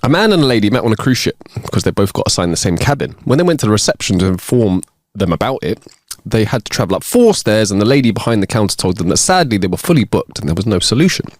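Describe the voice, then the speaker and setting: A man's voice: on the low side, sing-song, fast, no echo, studio quality. A man from Ireland co-hosting a podcast, telling jokes and laughing in casual chat. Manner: laughing, joking. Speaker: podcast co-host.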